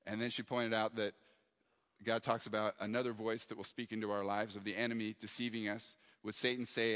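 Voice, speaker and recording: A man's voice: on the low side, fairly even intonation, fast talker, a bit bright. Earnest male pastor in a reverberant hall. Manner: earnest and reflective, acting out prayers and dialogue. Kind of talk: sermon.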